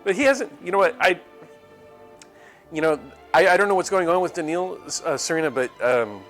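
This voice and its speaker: A man's voice: a little high, lively intonation, normal speed, long pauses, a bit bright. A man live-streaming a game, chatting casually and playing a mock-exasperated father scolding his chat. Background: faint game music.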